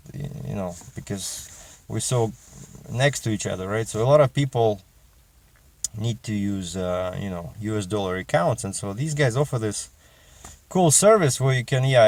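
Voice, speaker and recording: A middle-aged man with a Russian accent, chatting in a casual vlog as a truck driver and rambling with many fillers and restarts. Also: medium pitch.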